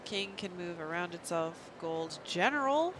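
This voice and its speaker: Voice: medium pitch, animated, a little slow, a bit bright, slight background noise. A game streamer giving casual, self-mocking commentary and reading menus aloud while playing. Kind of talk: casual let's-play commentary.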